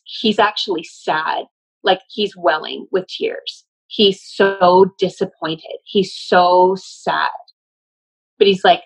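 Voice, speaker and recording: Her voice is husky and medium in pitch, and the audio quality is poor. A woman acting as a medium for a spirit relays its messages in a casual chat, explaining earnestly and laughing a lot.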